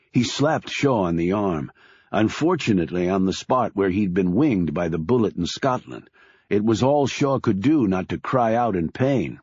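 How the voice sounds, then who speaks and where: A man narrating an audiobook in a steady, measured storytelling manner. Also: low-pitched, slightly rough, dry recording. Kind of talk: scripted narration. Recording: dull lo-fi recording.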